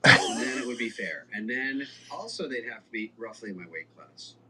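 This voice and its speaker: A man co-hosting a podcast, playful in casual chat, laughing often and cracking deadpan jokes. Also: mid-range voice, normal speed, background noise. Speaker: podcast co-host.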